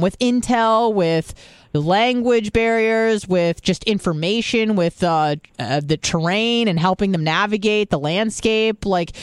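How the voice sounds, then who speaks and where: A woman's voice: mid-range voice, clean tone, no echo, studio quality. A woman co-hosting a talk radio show, speaking, heated and profane in her opinions. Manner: heated and profane, then apologetic.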